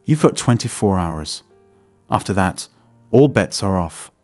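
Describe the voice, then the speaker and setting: A man's voice: sits low, lively intonation, a little slow, a little mellow, no room sound, soft background music. A man voicing a smug, menacing male loan shark who speaks in a mocking, threatening way.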